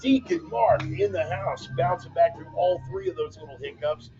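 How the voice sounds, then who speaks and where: A man's voice: high voice, expressive, moderate pace. Loose-talking man on a lo-fi livestream. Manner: loose, joking, calls listeners "man" and "brother". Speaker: host of a weekly online commentary show. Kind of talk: casual livestream talk reading viewer comments. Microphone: laptop mic. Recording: dull lo-fi laptop sound with music underneath. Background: bumper music.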